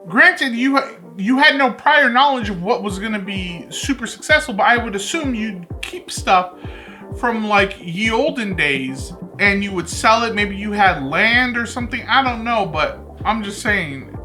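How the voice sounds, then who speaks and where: A woman's voice: medium pitch, expressive, unhurried, sharp tone, faint music behind. A woman hosting a reaction video, giving casual, jokey commentary full of sarcastic asides.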